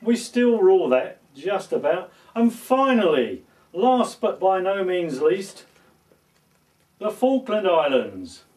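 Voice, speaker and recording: A man's voice: high voice, very animated, slow, darkish tone, far from the mic, a little hiss or hum, heavily acted. A man playing a pompous, nostalgic English lord in a comedy sketch, proclaiming in a lofty voice.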